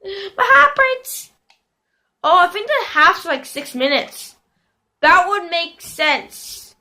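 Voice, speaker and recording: A young woman giving casual commentary over a football video game, shouting and squealing at plays and chatting to her pet bird. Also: extremely high pitch, lively intonation, takes it slowly. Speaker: gaming video host.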